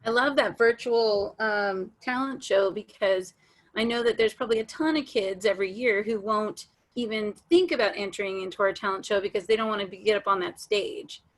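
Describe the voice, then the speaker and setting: A woman adds her thoughts in a casual panel discussion. She talks quickly and sounds upbeat, with an even mid-range pitch.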